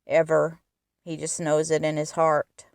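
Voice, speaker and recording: A woman's voice: low-pitched, monotone, measured pace, creaky, no room sound, studio quality. A woman retelling a film's plot in earnest detail, stressing its emotional moments. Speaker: film reviewer.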